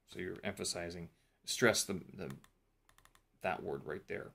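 A man with a fairly low voice talks through his study notes for a vlog. He rambles and thinks aloud, full of fillers and restarts, in a relaxed, unscripted way. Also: normal speed, gravelly, breathy edge. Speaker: vlogger reviewing a teacher training course. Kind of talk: casual talk-through vlog.

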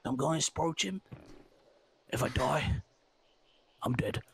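A man's voice: a little high, unhurried, creaky, slight background noise. A man putting on a goofy male wildlife documentary host with a mock Australian accent, playful and chummy. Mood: mock solemn. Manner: playful, put-on narrator's delivery. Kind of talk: mock nature documentary narration.

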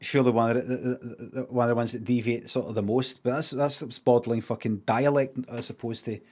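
A middle-aged man with a Glaswegian accent, chatting casually on a live stream, animated and emphatic and swearing freely. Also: mid-range voice, a little fast, breathy edge.

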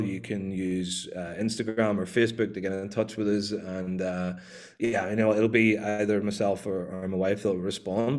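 A man from Northern Ireland, a shop owner, chatting casually on a video call with easy laughs. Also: fairly low pitch. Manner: chatty, laughing, self-deprecating. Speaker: invited speaker, food shop owner.

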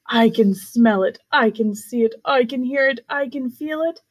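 A woman voicing a lazy male lion in a storybook, speaking low and soft with a purr and sighs. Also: normal speed, no room sound, lightly acted. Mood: content. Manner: low, soft, purring and sighing.

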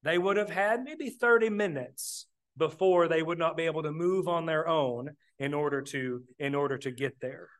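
A man's voice: on the high side, normal speed, a bit bright. A man preaching a sermon, plainspoken, often calling his listeners "brethren". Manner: plainspoken, addresses the congregation as brethren.

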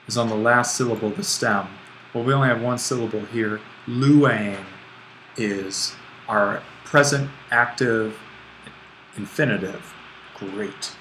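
A man with a bright, forward voice gives a screencast grammar lecture, thinking aloud and catching his own slips as he writes on the board. A faint hiss runs underneath the recording. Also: mid-range voice, poor audio. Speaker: Greek instructor.

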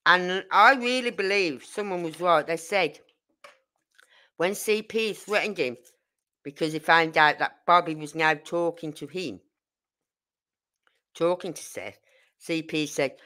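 Rambling woman with a bright voice. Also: fairly low pitch, a little slow, long pauses. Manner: rambling, indignant, reads viewer comments. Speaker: true crime channel host. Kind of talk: casual livestream chat.

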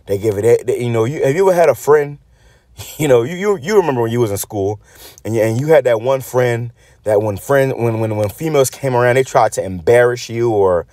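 Man, mid-pitch, preaching rant with heavy swearing, stutters and repeats words as he restarts, dry close sound. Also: fairly quick, darkish tone, no echo. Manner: profane, blunt, repeats words while restarting; reads scripture aloud then comments on it. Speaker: religious channel host.

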